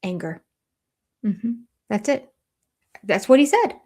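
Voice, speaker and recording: An older woman giving deliberate, analytical commentary as a host, with a dryly sarcastic edge. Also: mid-range voice, big pitch swings, darkish tone.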